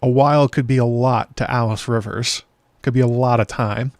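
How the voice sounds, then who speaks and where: A man hosting a casual show breakdown, talking it through out loud with fillers and restarts as he reads comments from a live chat. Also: medium pitch, fairly even intonation, moderate pace, no echo. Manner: chatty, thinking aloud with fillers and restarts. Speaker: show host.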